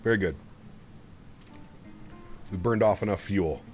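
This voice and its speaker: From his home sim setup, a man live-streams a flight simulator, rambling and chatting with viewers as he flies and laughing often. His voice is lowish and darkish in tone, with a measured pace, over soft background music.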